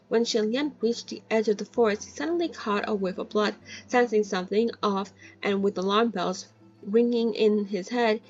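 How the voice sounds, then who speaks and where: A woman's voice: medium pitch, darkish tone, breathy edge, lo-fi sound. A woman reading a novel aloud in a casual way, stumbling and correcting herself now and then. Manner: reads steadily, breaks in with cheeky swearing asides and self-corrections. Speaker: reader of a novel. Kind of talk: casual read-aloud with commentary.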